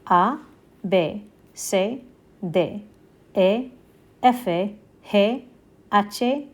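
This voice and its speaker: Very slowly and expressively, a woman with a medium-pitched, darkish voice teaches the Spanish alphabet. Each letter is spoken twice, followed by a patient, step-by-step explanation of how it sounds.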